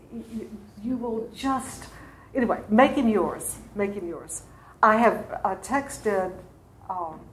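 A woman's voice: mid-range voice, a little hiss or hum. A woman teaching an adult class in a church classroom, lecturing in a chatty way with fillers and asides to her students. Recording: roomy classroom recording.

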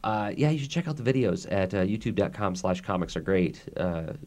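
A man hosting a casual podcast chat, animated and quick to laugh, often restarting his sentences. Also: low-pitched. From United States. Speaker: podcast host.

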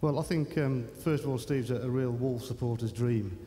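A man answering interview questions on stage at a live event, earnest and a little halting, repeating himself. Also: dark tone. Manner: earnest, repetitive, slightly halting. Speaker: interviewed guest. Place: large civic hall, live event. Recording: long hall reverb, faint rumble.

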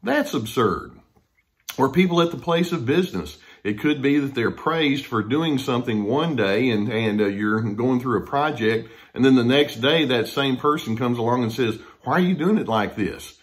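A man's voice: mid-range voice, normal speed, few pauses. A male counselor speaks conversationally to the camera, acting out the people he quotes. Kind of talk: talking to camera about difficult people.

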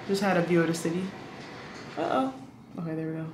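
A woman's voice: fairly low pitch, expressive, fast, roomy sound, background noise. A woman filming a casual vlog in a hotel room, rambling and chatty with lots of fillers. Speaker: vlogger.

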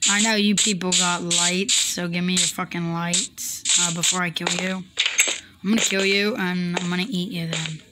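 A woman's voice: lowish voice, fairly even intonation, moderate pace, heavy background noise. A woman hosting a casual Minecraft let's play, chatty and profane, talking back to the game characters. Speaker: gaming video host.

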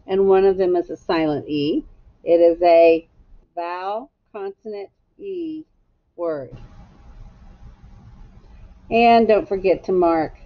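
A woman's voice: on the low side, lo-fi sound. A woman teacher leading a phonics lesson for young children, sounding out letters one by one and giving patient step-by-step directions. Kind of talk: slow, drawn-out phonics lesson.

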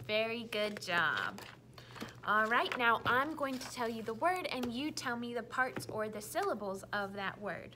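A woman teacher leading a phonics lesson for children, saying each word clearly and repeating it for the class to echo. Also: on the high side, expressive, sharp tone, a little hiss or hum. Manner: slow, clearly enunciated, repeats words for kids to echo.

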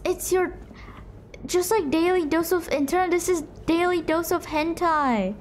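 A young woman streaming a game live, teasing her chat and breaking into shrieks and shouts. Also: sits high, normal speed, slight background noise. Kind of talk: live gameplay commentary.

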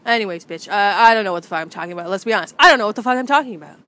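A young woman filming herself outdoors at a rainy baseball field, rambling and swearing, her voice jumping from loud outbursts to near whispers. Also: medium pitch, expressive, very fast. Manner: profane, rambling, swings from shouting to whispering. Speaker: vlogger. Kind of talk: rambling comedic vlog monologue.

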